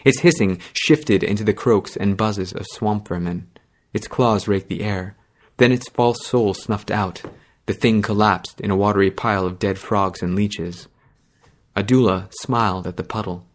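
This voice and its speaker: A man narrating a fantasy story in a measured, dramatic reading. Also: fairly low pitch.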